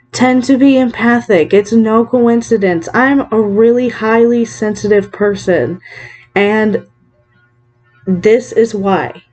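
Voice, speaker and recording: A woman giving a pick-a-card psychic reading in a gentle, reassuring, chatty way, sometimes correcting herself. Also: a little high. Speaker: psychic tarot reader.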